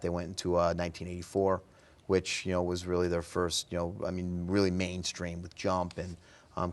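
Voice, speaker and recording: Male guest, very low voice, easygoing storyteller with lots of ums. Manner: relaxed, filler-heavy storytelling. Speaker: guest, music fan. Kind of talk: casual interview chat.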